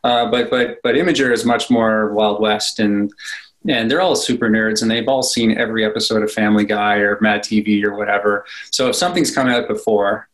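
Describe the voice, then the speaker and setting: Rambling self-deprecating man, halting chat. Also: on the low side, fairly even intonation, a bit bright, poor audio. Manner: self-deprecating, rambling with many fillers and restarts. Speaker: cartoonist guest. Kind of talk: casual podcast interview.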